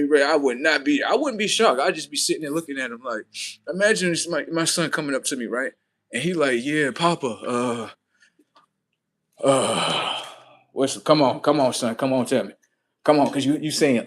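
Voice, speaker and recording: A man hosting a livestream, telling a comic story in a profane, animated way and acting out the scenes. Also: a little high. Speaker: livestream host. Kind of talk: comedic storytelling monologue.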